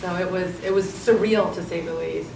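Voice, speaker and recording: A woman, an actress, telling a story in a press interview with excitement and many restarts. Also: on the low side, normal speed, creaky. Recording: roomy, distant, noisy.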